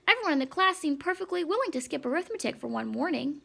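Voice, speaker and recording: A woman narrating a children's story aloud in a measured, lightly expressive reading. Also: high-pitched, gravelly. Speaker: audiobook narrator.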